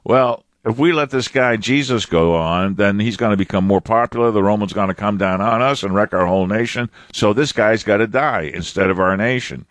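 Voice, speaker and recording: A man playing a worried, scheming high priest, in a blunt and hurried everyday voice. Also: no echo, close to an everyday voice.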